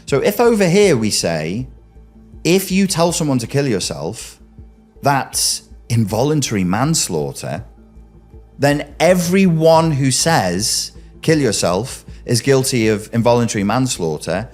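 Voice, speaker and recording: A man hosts a commentary and makes his case emphatically. His pitch rides up and down with lively swings as he presses rhetorical questions on the listener. Faint music plays behind him. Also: unhurried. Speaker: commentary host. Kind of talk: argumentative commentary.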